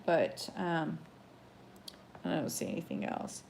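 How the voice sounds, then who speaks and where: A woman hosting a casual live news show, reading headlines haltingly with many ums, chatting to viewers and getting heated about the news. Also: low voice, sing-song, creaky, noisy background. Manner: reads haltingly with many ums, greets chat viewers, gets heated and worked up. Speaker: host.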